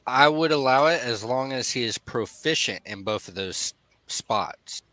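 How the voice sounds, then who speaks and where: A man acting as dungeon master, making quick, dry rulings at the game table. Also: medium pitch, animated, pushed and bright, dry recording, rough recording. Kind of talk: casual tabletop game chat.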